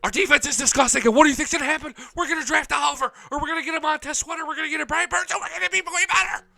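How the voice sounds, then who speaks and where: A man's voice: extremely high pitch, steady tone, racing, gravelly, pushed and bright. A young man hosting a live sports talk show, ranting with heavy profanity and hype. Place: home studio.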